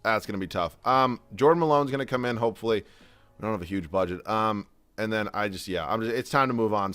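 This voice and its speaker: A man's voice: on the low side, a bit bright, dry recording, studio quality. A young man giving casual, profane gameplay commentary, ranting as he plays. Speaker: gaming YouTuber.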